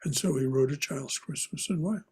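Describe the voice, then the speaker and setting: A man guides an online spiritual class, his voice a little breathy. He tells stories with emphasis and slows right down when he reads poetry aloud. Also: on the high side, a little mellow. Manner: storytelling, emphatic, slow on poetry. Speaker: class leader.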